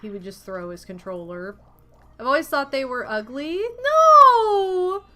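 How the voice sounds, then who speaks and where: This livestream features a young woman in her apartment chatting casually with her audience, full of giggles and bits of cooing baby talk. She speaks at a normal pace in a medium pitch, sounding animated, pushed, and bright.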